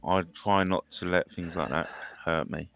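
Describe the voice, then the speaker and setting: Deep gravelly man, soft-spoken host. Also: steady tone, moderate pace, dry recording. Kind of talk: casual chat.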